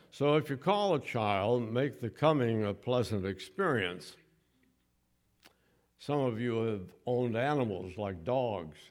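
A man's voice: mid-range voice, darkish tone. An older man from the United States preaching a sermon in church, talking in a folksy, conversational way and speaking to his congregation directly.

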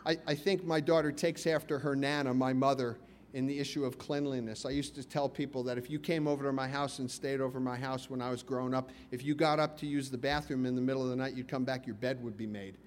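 A man's voice: medium pitch, fairly even intonation, quick pace, a little hiss or hum. A middle-aged man preaching a sermon as pastor, telling stories in a conversational way and asking the congregation questions.

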